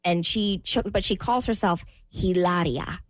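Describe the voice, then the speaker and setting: A woman's voice: medium pitch, animated, moderate pace, no room sound. A woman hosting a radio talk show, retelling a news story in a chatty way with some fillers. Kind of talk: casual chat.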